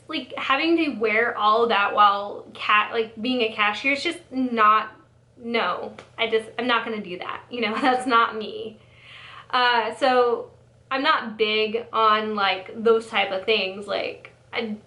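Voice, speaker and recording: Young woman, sassy rambling storyteller, bright high-ish voice, echoey room. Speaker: storytelling vlogger. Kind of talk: casual storytime.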